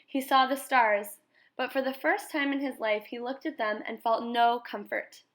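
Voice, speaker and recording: A woman reads a children's novel aloud in a measured, expressive way. Her voice sits a little high for a woman. She reads calmly and clearly. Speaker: reader. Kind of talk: storybook read-aloud.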